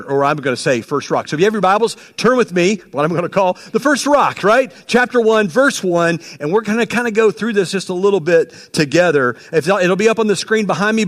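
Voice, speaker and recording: A man preaching a sermon as pastor, emphatic and repetitive, swinging between loud punches and quiet low asides. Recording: long reverb of a hall.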